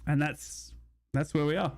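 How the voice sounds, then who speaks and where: A young man hosting a live football watch-along, chatting casually and reading out viewer shout-outs. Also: fairly high pitch, fairly even intonation, normal speed. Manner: chatty, reads out chat messages and shout-outs. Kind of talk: casual live-stream chat and mock commentary.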